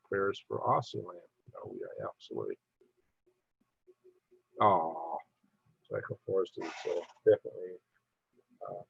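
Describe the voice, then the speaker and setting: A man's voice: on the low side, creaky, breathy edge, dry recording, lo-fi sound. A middle-aged man hosting a casual live stream, reading viewer comments aloud in a chatty, tired way. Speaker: livestream host.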